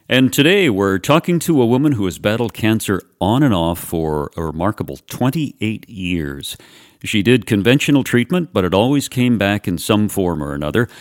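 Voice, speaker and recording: A man hosting a podcast, reading a measured intro and interviewing a guest. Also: low voice, no echo, clean studio sound. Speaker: podcast host.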